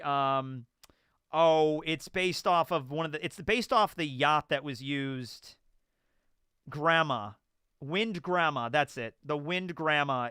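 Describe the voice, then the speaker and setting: A man's voice: fairly high pitch, pushed and bright, clean tone, no echo, studio quality. A man hosting a video, telling stories and giving commentary in a rambling, conversational way with lots of fillers. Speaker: YouTube host. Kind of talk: casual storytelling and commentary.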